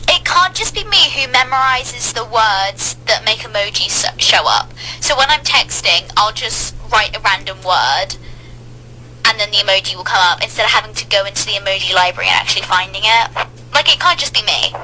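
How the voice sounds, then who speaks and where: A woman's voice: mid-range voice, expressive, a little fast, sharp tone, faint music behind, poor audio. A woman telling relatable stories in a casual voice-over, chatty and full of rhetorical questions.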